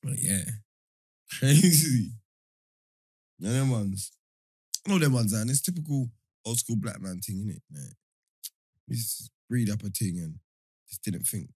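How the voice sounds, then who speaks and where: Animated young man, husky voice. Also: fairly low pitch, unhurried, pauses often. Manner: animated, laughing, full of London slang fillers. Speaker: storyteller in a chat. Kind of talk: casual storytelling chat.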